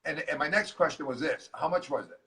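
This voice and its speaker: A middle-aged man tells his story at a quick clip, with a bright, forceful voice that brings each exchange of dialogue to life. He is a little off-mic, so the sound carries some distance. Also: on the high side, vocal fry, slight background noise. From Massachusetts. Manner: animated storyteller acting out dialogue. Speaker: guest speaker, transformational coach. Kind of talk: storytelling interview chat.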